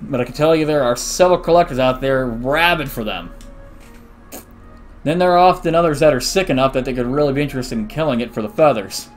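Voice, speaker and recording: A young man hosting a let's play, reading game dialogue aloud with chatty, excitable reactions. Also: mid-range voice, quick pace, faint music behind.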